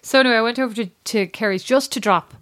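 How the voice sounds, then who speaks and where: A woman's voice: a little high, fast talker. A middle-aged woman co-hosting a podcast, telling a long anecdote and acting out the people in it. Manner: animated anecdote-teller, acts out quotes. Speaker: podcast co-host. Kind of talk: casual chat, storytelling.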